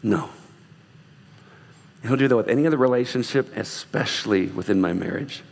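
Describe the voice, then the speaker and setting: A man's voice: lowish voice, normal speed, gravelly, pauses often, a little mellow, big-room sound. Earnest male pastor preaching, joking asides. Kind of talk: sermon and closing prayer. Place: church sanctuary.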